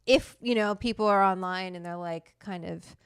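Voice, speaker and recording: A woman's voice: on the low side, moderate pace, clean tone, no room sound, clean studio sound. A middle-aged woman hosting a casual livestream, talking bluntly and with a lot of profanity as she gets fired up. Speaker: cooking show host.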